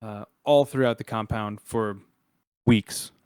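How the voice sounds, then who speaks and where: A man narrating as game master of a tabletop game, halting, with many fillers and restarts. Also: lowish voice, fairly even intonation, a little mellow, smooth, dry recording.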